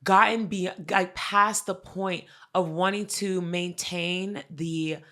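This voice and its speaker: A woman co-hosting a podcast in casual chat, telling a family story with lively acted-out quotes and plenty of swearing. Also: on the low side, slow. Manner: animated storytelling, acts out quoted family members, frequent swearing. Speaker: podcast co-host.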